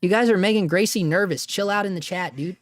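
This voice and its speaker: A man hosting a live stream from home talks in a loose, rambling way, joking and laughing at himself as he goes. His voice sits a little high for a man. The sound is dry and close, with no room echo. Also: quick pace. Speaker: livestream host. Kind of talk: casual live-stream chat.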